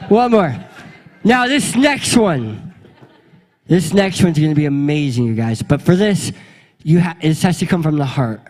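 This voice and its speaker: Playful high-voiced male pastor. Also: unhurried. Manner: playful, energetic, leads the crowd in a meowing game. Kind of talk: lively sermon with audience game. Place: church sanctuary before a congregation.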